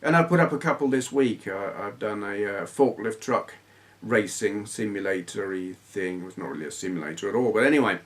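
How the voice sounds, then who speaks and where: A man's voice: fairly low pitch, expressive, brisk. A man in his thirties chatting casually in a vlog, telling grumbly stories in a blunt, swearing manner. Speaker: retro gaming YouTuber. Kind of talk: casual rambling vlog chat.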